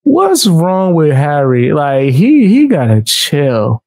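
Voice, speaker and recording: A man's voice: fairly high pitch, wildly swooping pitch, takes it slowly, darkish tone. A man casually reacting to a video clip, talking back to it with slang and jokes.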